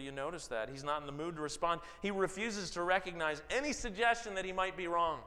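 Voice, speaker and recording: Man preaching in an echoing hall. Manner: dramatic, rising to loud emphasis then dropping low. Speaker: pastor. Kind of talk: sermon. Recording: long hall reverb.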